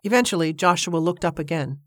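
A narrator reading a historical novel aloud in a measured, even way. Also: mid-range voice, no room sound, clean studio sound. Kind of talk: audiobook narration.

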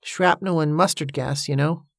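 A woman's voice: deep voice, moderate pace, gravelly, no echo, studio quality. A woman voicing a wounded male war veteran who wheezes and drawls, in a storybook reading. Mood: sly.

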